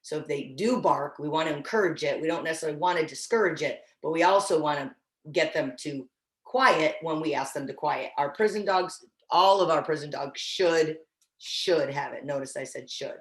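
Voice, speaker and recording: A woman's voice: sits low, normal speed, echoey room. A woman instructor teaching dog training in a casual, encouraging way, often restarting her sentences. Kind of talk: online training class.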